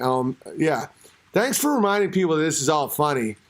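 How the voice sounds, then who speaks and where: High-voiced man ranting profanely. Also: normal speed, slight background noise. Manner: profane, rambling and animated. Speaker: show host. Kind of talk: comedic podcast rant.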